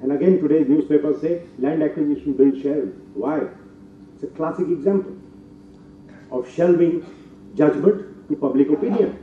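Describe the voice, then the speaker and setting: An older man with an Indian English accent delivers a formal lecture in a fairly high voice, building to emphatic, forceful peaks. He sounds set back from the microphone in a roomy hall, and the recording is dull, with faint ambient noise. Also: moderate pace, recorded from a distance. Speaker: guest lecturer.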